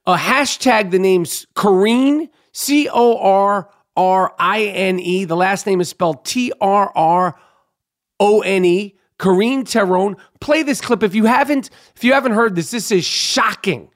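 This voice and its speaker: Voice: medium pitch, a little slow. A podcast host delivering a profane, angry monologue with frequent stammering restarts and repeated phrases.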